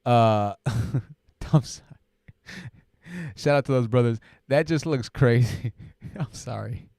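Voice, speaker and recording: Guy on a live stream hangout, jokey and rambly, mid pitch, dry close sound. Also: takes it slowly, gravelly, a little mellow, no echo. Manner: joking, rambling, laughs often. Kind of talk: casual live chat.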